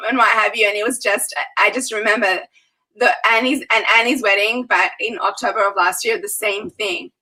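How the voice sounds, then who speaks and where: A wedding planner recounts her events with lively, animated energy in a casual interview. Her voice is bright and forward, with a slightly husky, breathy grain. She laughs freely as she talks. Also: medium pitch, moderate pace, low-quality recording. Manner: animated storyteller, laughs often.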